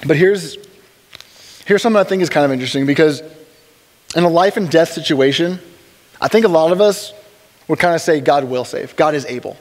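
A man teaching a church Bible study in a relaxed, conversational way, with joking asides and frequent restarts. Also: on the high side, a little fast, long pauses. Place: church hall. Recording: long reverb of a large hall.

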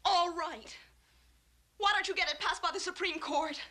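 An actress playing a passionate young wife in a 1960s film comedy, emphatic and indignant. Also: female voice, extremely high pitch, moderate pace, sharp tone. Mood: angry. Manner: indignant, emphatic, near tears. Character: impulsive, passionate young newlywed wife, woman.

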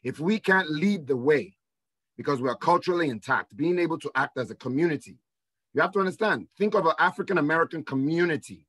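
A man's voice: fairly high pitch, lively intonation, quick pace, a bit bright, dry recording. A man with a Nigerian accent hosting a panel discussion, talking earnestly in long rambling runs with restarts.

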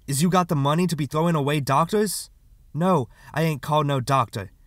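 A man's voice: fairly high pitch, brisk, dry recording, studio quality, pitched above the performer's own voice, lightly acted. A man voicing a stubborn, defensive mother, answering firmly and defiantly. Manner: firm, defiant replies.

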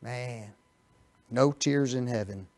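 A man preaching a Bible study sermon, firing rhetorical questions at his listeners and swinging from quiet asides to loud, emphatic bursts. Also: medium pitch, takes it slowly. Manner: animated, rhetorical questions to the audience.

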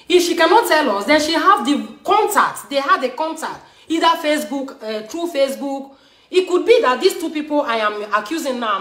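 Emphatic high-voiced Nigerian woman. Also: fairly bright tone. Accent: Nigerian English. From Nigeria, Edo State. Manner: emphatic, scolding, repetitive. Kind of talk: heated live talk to viewers. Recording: roomy echo.

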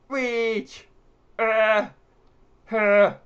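A man's voice: a little high, measured pace, muffled recording. A young man giving rambling let's-play commentary as a gaming YouTuber, swearing and yelping when he fails. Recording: loud background noise.

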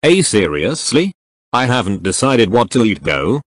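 A man voicing a cheerful, gentle young male hero who teases and giggles, in a fan audio drama reading. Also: fairly low pitch, very animated, a little slow, no echo. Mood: playful. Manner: giggly, teasing, apologetic.

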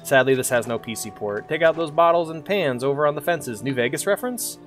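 A man's voice: on the high side, expressive, fairly quick, fairly bright tone, soft background music. A man streaming a video game, chatting casually, joking and laughing at himself often. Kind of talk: casual gameplay commentary.

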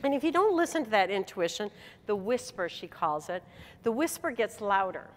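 In her motivational convention speech, a middle-aged woman from Michigan recounts a personal story at a moderate pace in a medium-pitched voice, laughing and acting out conversations with animation. Her talk echoes with the reverb of a hall stage.

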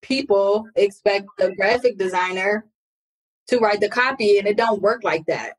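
A woman's voice: mid-range voice, moderate pace, a little hiss or hum, poor audio. A woman hosting a business podcast, who speaks firmly and emphatically and jumps in to make her point. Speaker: podcast host and business coach. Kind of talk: casual podcast conversation.

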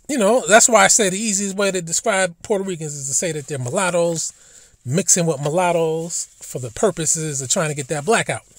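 A man's voice: sits high, no room sound. A man telling stories in a casual, rambling monologue, blunt and profane, often stumbling over and repeating his words as a commentary host.

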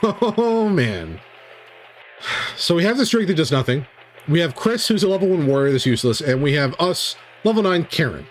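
A young man running and narrating a tabletop game, animated and often laughing. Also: fairly high pitch, moderate pace, soft background music. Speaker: game master and streamer.

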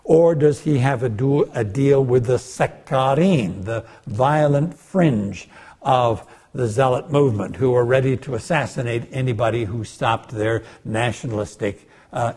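Older man, bible lecture, husky voice, animated storytelling, mid pitch. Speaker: guest lecturer.

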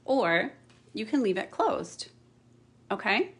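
A woman's voice: mid-range voice, sing-song, slow pace, husky. A middle-aged woman chatting through a card-making tutorial, with apologetic asides and frequent "okay?" check-ins. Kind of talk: casual craft tutorial.

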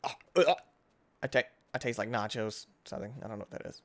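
Very fast and on the low side, an excitable gaming channel host narrates his gameplay in casual let's-play style. He jumps from loud outbursts to quiet muttering.

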